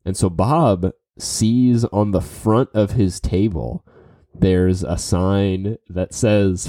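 A man's voice: on the low side, steady tone, a little slow, warm tone, no room sound, clean studio sound. A man telling a casual story full of fillers and restarts, giving tips to business listeners. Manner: rambling, with many fillers and restarts.

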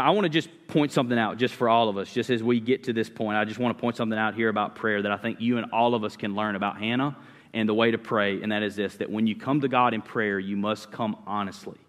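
A man preaching a sermon as pastor, earnest and conversational, often restarting his sentences. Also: medium pitch. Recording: long reverb of a church hall.

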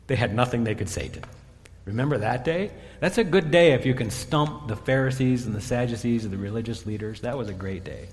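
A man preaching in a reverberant hall, his mid-range voice ringing out with a long tail of echo. He retells a Bible story with lively acted character voices, rising higher and louder at the exciting moments. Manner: animated storytelling, voicing biblical characters. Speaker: pastor. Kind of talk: sermon.

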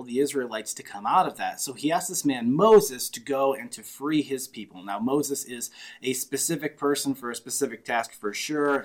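A man preaching a sermon, retelling a scripture story with vivid, dramatic voices for the people in it. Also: medium pitch. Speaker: pastor.

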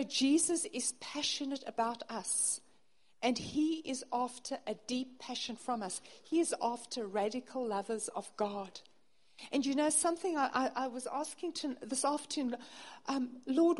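A woman preaching a sermon in an earnest way, her voice dropping soft on tender phrases. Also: sits high. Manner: earnest, softening to near-hush on intimate phrases.

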